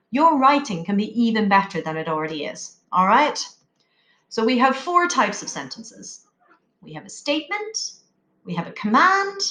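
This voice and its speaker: A woman teacher talking to young schoolchildren in an animated, sing-song classroom voice. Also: medium pitch, echoey room.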